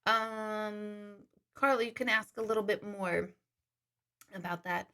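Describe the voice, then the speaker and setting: Woman, mid-pitched, intuitive medium hosting a live Q&A; chatty and laughs easily. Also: fairly even intonation, takes it slowly, a bit bright. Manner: chatty, laughs often, reads out viewer questions. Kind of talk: live-stream Q&A chat.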